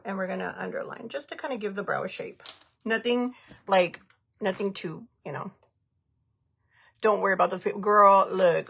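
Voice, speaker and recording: Chatting casually on a livestream while applying her makeup, a woman in her thirties, a makeup artist, answers viewers bluntly and laughs often. She speaks at medium pitch in a husky, gravelly voice with a fairly bright tone.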